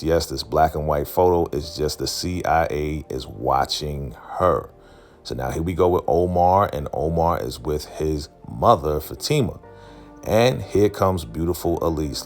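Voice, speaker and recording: Deep-voiced man casually recapping a show. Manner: loose retelling, acting out lines with "he's like" and "man". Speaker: TV recap vlogger.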